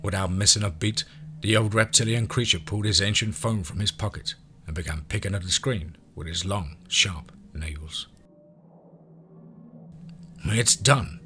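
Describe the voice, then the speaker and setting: A man narrating an audio story in a measured, steady storytelling voice. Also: on the low side, slight background noise.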